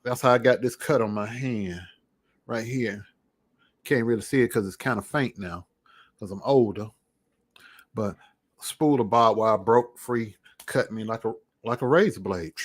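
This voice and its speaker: A man speaks to his camera in an earnest, reflective way, unhurried and personal. His voice sits at an ordinary middle pitch, relaxed and conversational, sometimes falling almost to a hush. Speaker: vlogger. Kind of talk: personal testimony vlog.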